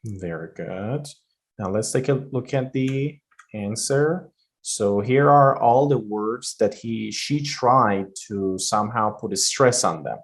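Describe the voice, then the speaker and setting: A man's voice: on the low side, takes it slowly. A man teaching English pronunciation, explaining intonation in loose everyday talk with many fillers and spoken examples.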